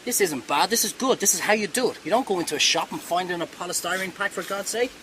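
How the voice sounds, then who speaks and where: A man's voice: sits high, fast, sharp tone, a little hiss or hum, rough recording. A man hosting a cooking show, talking viewers through a hands-on demonstration in a chatty, reassuring way that wanders off topic.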